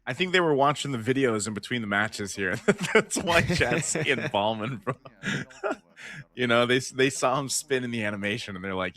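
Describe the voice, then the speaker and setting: Male esports host, mid pitch, upbeat and chatty play-by-play, quick to laugh. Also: expressive, pushed and bright. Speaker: esports caster. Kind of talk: live esports commentary.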